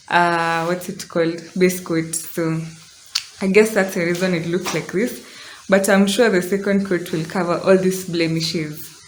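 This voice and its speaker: A woman from Kenya chatting casually through a home DIY vlog, excitable and laughing at her own mess. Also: on the low side, slight background noise. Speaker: DIY vlogger. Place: indoor room at home. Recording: roomy home audio with faint background.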